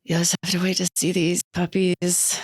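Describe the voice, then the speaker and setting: Woman cohost chatting, lots of giggles, kinda low voice, dry close sound. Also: monotone, normal speed, slightly rough, no room sound. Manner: giggly, playful, self-mocking. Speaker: podcast co-host. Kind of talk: casual chat.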